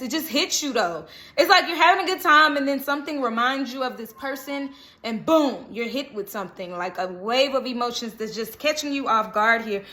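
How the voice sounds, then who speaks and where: A woman's voice: sits high, bright, forceful tone. A woman giving a casual, reassuring tarot reading to camera, often checking in with "okay?". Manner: chatty, reassuring, frequent "okay?" check-ins. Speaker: tarot reader.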